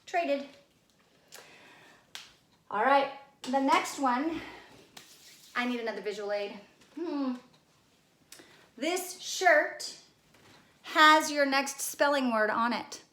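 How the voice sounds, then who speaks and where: Expressive and forceful, with a bright, slightly high voice, a teacher walks children through spelling via guessing games about familiar objects. She speaks slowly with long pauses, staying patient and playful amid the room's echo.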